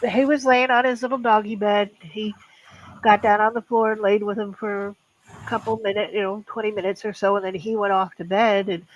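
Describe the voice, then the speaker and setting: Older woman guest, casual chat, grieving and halting, steady middle pitch. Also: slight background noise, poor audio. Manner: halting, grieving, many restarts.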